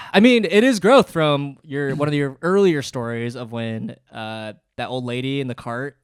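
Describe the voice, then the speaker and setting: A man co-hosting a podcast, reacting quickly and teasing with frequent laughs. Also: medium pitch, clean tone, dry recording, clean studio sound. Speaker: podcast co-host. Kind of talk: casual chat.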